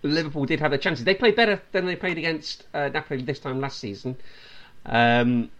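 A man's voice: a little high, a little fast, a bit bright. A man hosting a casual football podcast, talking with many fillers and laughing often. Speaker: podcast host.

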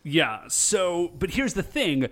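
A man co-hosting a casual chat, retelling a show with lively voiced quotes. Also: sits high. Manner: animated storytelling with quick voiced quotes. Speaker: podcast co-host recapping a show.

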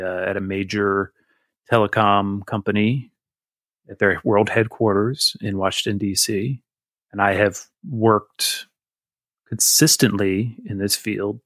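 A man's voice: fairly low pitch, a bit bright, no echo, studio quality. A man in his forties, a guest who tells a rambling, candid, self-deprecating story in casual conversation.

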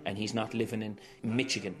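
In a storytelling interview, a middle-aged Irish man from County Kerry who performs as an Elvis tribute shares anecdotes, acting out others' words. His voice is lowish, level and brisk, with a chatty, anecdotal manner.

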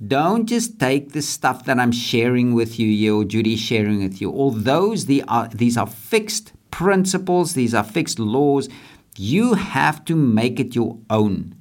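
A man's voice: mid-range voice, sing-song, measured pace, a little mellow. A man hosting a leadership podcast, talking earnestly and a bit repetitively about faith and purpose. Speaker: podcast host. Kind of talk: casual motivational faith talk.

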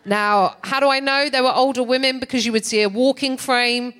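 A woman's voice: high voice, a little fast, clear, resonant tone. Sardonic woman doing stand-up. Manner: animated, sardonic, laughs between lines. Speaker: comedian. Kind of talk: stand-up comedy storytelling. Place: large theatre stage.

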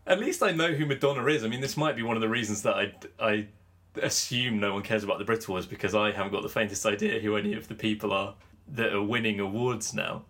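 Speaking quickly in a fairly low, slightly bright voice, a man hosts a cricket podcast where the talk is casual, jokey, and full of teasing his co-host and aping commentators.

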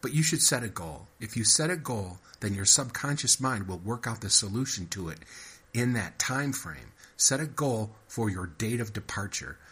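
A man voicing a pushy woman who coaches in positive-thinking slogans, pitching his voice up and louder. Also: expressive, moderate pace, slightly rough, exaggerated voice. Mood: coaching, insistent. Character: pushy upbeat woman full of self-help talk.

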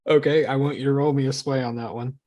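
Husky-voiced man running a tabletop game. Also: medium pitch, fairly even intonation, a little mellow, rough recording. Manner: halting, repeats his words. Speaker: game master.

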